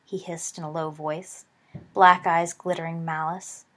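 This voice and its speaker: A woman narrating a story aloud in a steady audiobook reading, giving the characters voices. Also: fairly low pitch, normal speed, gravelly.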